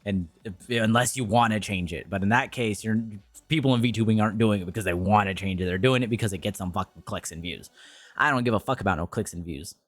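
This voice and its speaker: A man's voice: fairly low pitch, fast talker, no echo, faint music behind. Blunt ranting young man streaming. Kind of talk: casual stream commentary.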